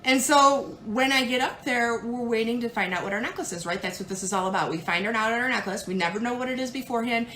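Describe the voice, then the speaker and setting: A woman tells a story with lively, dramatic energy, jumping into the voices of the people she quotes. Her voice sits fairly high. The room is echoey, with a faint hiss underneath. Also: fast talker, few pauses. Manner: animated, dramatic retelling with put-on quoted voices. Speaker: jewelry consultant. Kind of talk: casual storytelling.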